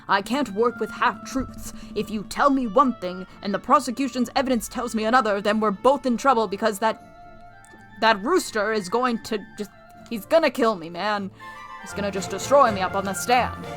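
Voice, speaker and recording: A woman's voice: on the high side, normal speed, fairly bright tone, soft background music, natural voice. A woman voicing a stern male falcon defense attorney in a visual novel, formal and blunt. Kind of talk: reading a visual novel aloud.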